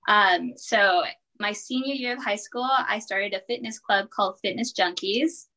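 Bright-voiced upbeat young woman chatting. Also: mid-range voice, unhurried, poor audio. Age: 20s. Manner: upbeat, chatty, laughs often, many fillers like "like" and "um". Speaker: podcast guest, college student and personal trainer. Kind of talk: casual interview chat.

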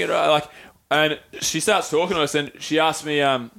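An Australian man on a podcast, telling a rowdy story in casual chat, animated, often laughing and doing voices. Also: fairly high pitch, moderate pace, creaky. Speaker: podcast co-host.

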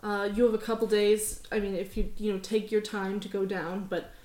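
A woman voicing a sarcastic, worried male gang leader in a low, dry voice for a tabletop game. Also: little pitch movement, moderate pace, mellow, echoey room, distant mic, close to an everyday voice. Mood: dry sarcasm.

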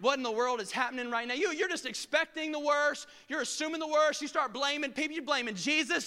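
A man's voice: extremely high pitch, quick pace, few pauses, bright, forceful tone, long reverb tail. A male pastor preaching a sermon, telling stories animatedly and acting out the scenes.

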